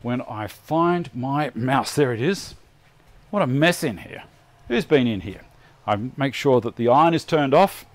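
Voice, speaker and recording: A man's voice: mid-range voice, lively intonation, unhurried. A middle-aged Australian man hosting a live woodworking show, chatting casually and thinking aloud as he works at the bench. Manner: chatty, self-deprecating, thinks aloud while working. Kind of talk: live workshop demonstration chat.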